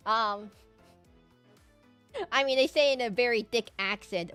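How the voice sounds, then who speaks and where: A woman's voice: mid-range voice, measured pace, long pauses, bright, forceful tone, clean tone, soft background music. A young woman streaming as a VTuber, chatting casually and self-deprecatingly while she draws. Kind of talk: casual chat while drawing live.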